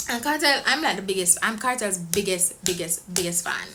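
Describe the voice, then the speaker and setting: A young Jamaican woman vlogger telling a story to the camera in a casual, excitable way. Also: medium pitch, brisk, hardly any pauses, noisy background. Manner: excitable, animated, laughs often.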